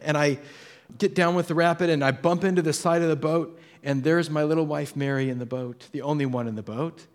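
A middle-aged man, a pastor, telling a story in a sermon and jumping his voice up to act out the people in it. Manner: animated storytelling, acts out voices with jumps in pitch.

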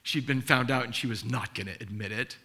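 A middle-aged male pastor preaching a sermon, telling stories in an animated, earnest and emotional way and acting out the dialogue. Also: mid-range voice, brisk, creaky, slightly rough.

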